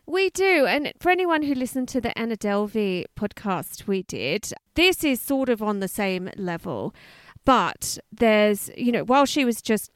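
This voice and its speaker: Chatty, animated woman podcast host. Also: a little high, unhurried, no room sound, studio quality. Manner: chatty, animated storytelling with frequent asides. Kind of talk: casual podcast chat.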